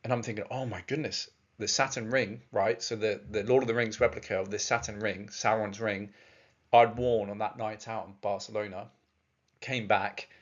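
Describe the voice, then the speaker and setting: A man's voice: on the low side, little pitch movement, moderate pace, lo-fi sound. A man telling a long personal story in a casual, rambling way, with many fillers and restarts. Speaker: presenter.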